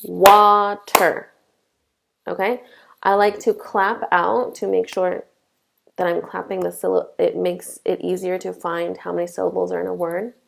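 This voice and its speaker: Fairly low and level, with a creaky quality, this young woman's voice comes with a bit of hiss or hum. She teaches a classroom lesson in slow, deliberate steps, frequently asking "okay?"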